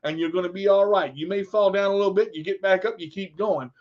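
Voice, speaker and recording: A man's voice: sits high, quick pace, a little mellow, muffled recording, lightly acted. A man voicing an upbeat, encouraging male coach.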